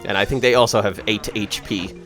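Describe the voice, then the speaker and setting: A man's voice: lowish voice, steady tone, brisk, fairly bright tone, faint music behind. A man giving casual, rambling commentary over a video game playthrough, sarcastic and often correcting himself mid-sentence. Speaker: let's play commentator.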